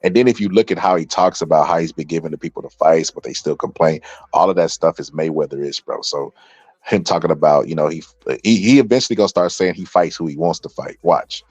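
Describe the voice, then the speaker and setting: Low-voiced man chatting about boxing, "bro". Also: quick pace, a little mellow, breathy edge, no echo. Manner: laid-back, says "bro" often, laughs at comments. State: tired from staying up late. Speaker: boxing commentator reading viewer comments. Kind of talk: casual livestream commentary.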